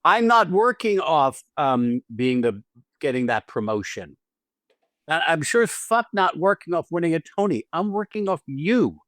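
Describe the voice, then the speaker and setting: In a dry, clean studio recording, a man with a fairly high, slightly bright voice speaks at a moderate pace and sounds very animated. He's an acting teacher hosting a podcast, chatting casually, swearing freely, and performing short scenes with quoted lines.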